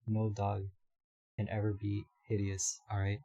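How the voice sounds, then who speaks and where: A hoarse young man streaming live, chatting casually, reading his chat aloud and laughing often. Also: on the low side, monotone, a little slow, warm tone, highs cut off.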